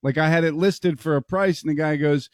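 A man's voice: fairly high pitch, brisk, dry recording, clean studio sound. A man co-hosting a casual chat, speaking in a wry, joking way. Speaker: podcast co-host.

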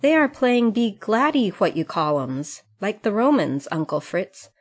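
A woman voicing an excited, wide-eyed little boy in an audiobook, speaking high and eager. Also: unhurried.

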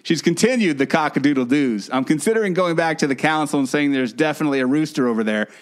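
A man's voice: fairly high pitch, fast. A young man, a podcast co-host, reading out a listener's email in casual chat and laughing often. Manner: laughs often, mock voices for quoted people.

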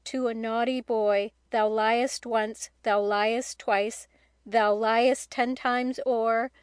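A remorseful young boy confessing with earnest, deliberate care, read by a woman in an audiobook. The voice sits a little high and is recorded close and dry. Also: fairly even intonation, clear, resonant tone, dry recording. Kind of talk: audiobook reading.

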